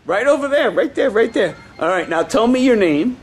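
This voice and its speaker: Playful, high-voiced karate instructor man. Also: moderate pace, few pauses, a little hiss or hum. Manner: playful, teasing, bursts into excited shouts. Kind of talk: coaching children in class. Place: indoor karate studio.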